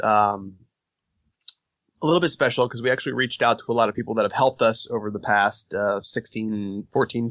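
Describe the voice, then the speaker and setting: Relaxed man hosting a podcast. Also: mid-range voice, no echo. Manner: leads segments, relaxed storyteller. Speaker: podcast host. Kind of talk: casual chat.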